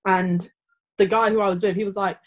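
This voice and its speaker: A young woman, chatting casually and telling stories, often acting out other people's voices. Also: a little fast. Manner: animated storytelling, acting out quoted people in high voices. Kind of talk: casual chat.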